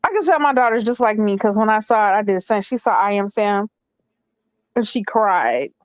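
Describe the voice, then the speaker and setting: A woman's voice: mid-range voice, animated, moderate pace, no room sound, poor audio. A woman in her thirties chatting casually as a call-in panelist, rambling with lots of fillers. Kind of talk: casual chat.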